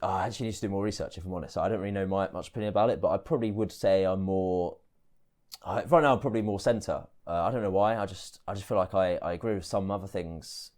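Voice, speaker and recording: A man's voice: low-pitched, fast, darkish tone. A man from England hosting a casual podcast chat, laughing often and hesitating with many restarts. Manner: giggly, hesitant, lots of restarts. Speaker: podcast host.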